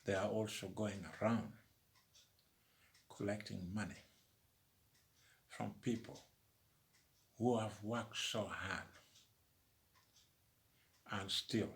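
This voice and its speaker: A man's voice: lowish voice, gravelly. A man delivering an emphatic opinion monologue with a preaching cadence. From Uganda. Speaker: commentator.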